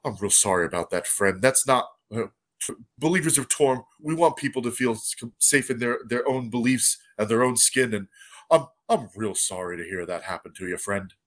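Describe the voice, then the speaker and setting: A man's voice: mid-range voice, normal speed, fairly bright tone, lightly acted. A man voicing a kindly, folksy barkeep who calls people friend and stammers a little. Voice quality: folksy, hesitant, says "friend".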